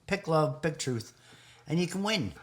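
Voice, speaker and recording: A video host rambles through a spiritual monologue, occasionally laughing and at times dropping to a whisper. His voice sits on the high side, with lively intonation and a slightly slow pace.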